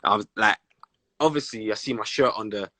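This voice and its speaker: Animated London man, bright voice. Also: on the low side, brisk, no room sound. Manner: animated storytelling in street slang. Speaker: former footballer, guest. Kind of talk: casual sit-down interview.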